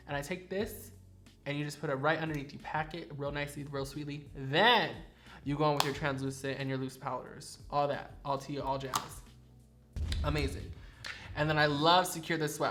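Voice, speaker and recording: A man who performs in drag chats sassily and playfully about his favorite makeup products in a studio vlog, with a chatty, playfully dramatic manner. His voice is fairly high-pitched and fairly bright.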